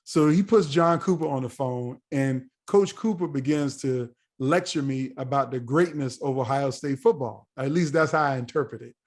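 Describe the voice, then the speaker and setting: A man in his forties, a podcast guest telling a story in a casual, animated way and acting out the dialogue. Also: mid-range voice, moderate pace, hardly any pauses. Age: 40s. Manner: animated, acts out quoted dialogue.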